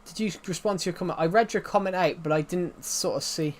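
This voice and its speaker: A man's voice: high voice, brisk, slight background noise. A young man rambling through live gaming stream commentary, talking to himself and to chat as he plays. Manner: rambling, talks to himself and chat while playing. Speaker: gaming livestreamer.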